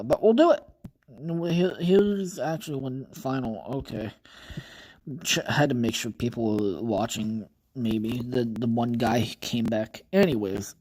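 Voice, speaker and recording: A young man around twenty rambles through his livestream chat with a mellow, dark-toned voice. He jokes and swears freely and drifts off topic. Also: mid-range voice. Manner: rambling, profane, joking. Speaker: podcast host reading creepypastas on a livestream.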